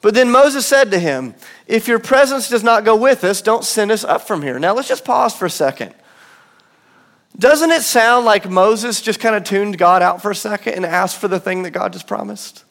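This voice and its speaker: An expressive pastor delivers an earnest sermon in a church auditorium, his voice high and clear. Slow, weighty pauses build his point, and he sinks into quiet, low asides as he guides the room through it.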